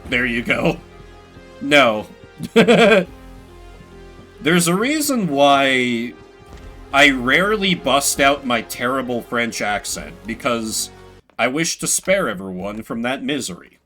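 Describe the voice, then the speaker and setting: A man's voice: medium pitch, expressive, measured pace, bright, forceful tone. A man streaming a horror game, talking through it in chatty, self-mocking let's play commentary. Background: faint game music.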